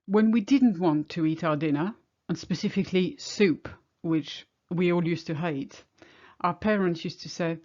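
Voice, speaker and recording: A middle-aged woman from France speaks English with a French accent, her voice sitting a little low. She explains things in a wry, chatty way, like a teacher in a video lesson. The recording sounds a bit dull and muffled. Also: measured pace, a little mellow. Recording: slightly muffled home recording.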